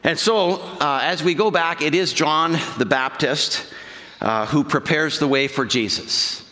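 A man's voice: a little high, a little slow, pushed and bright. A male pastor preaching a sermon in a church, talking conversationally and putting questions to the congregation. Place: church sanctuary. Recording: long hall reverb.

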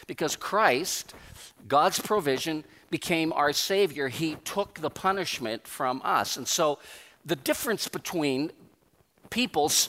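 A man preaching a sermon as pastor, emphatic, with pauses and repeated phrases. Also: on the high side, fairly bright tone. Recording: long reverb of a large hall.

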